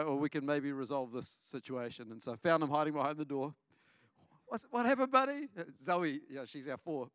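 A middle-aged pastor with a fairly high, clean-toned voice preaches in church, the recording dry with clean studio sound. He tells family stories and keeps things lively by asking the congregation questions.

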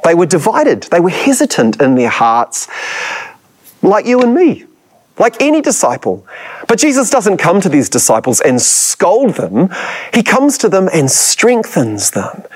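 A man's voice: sits high, huge pitch swings, measured pace, breathy edge. A man, a church history lecturer, preaching a sermon with dramatic emphasis and rhetorical questions put to his listeners.

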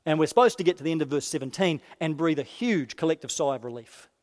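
A man preaching a sermon expressively, dropping quiet and low for quoted lines. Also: animated, fast. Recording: long hall reverb.

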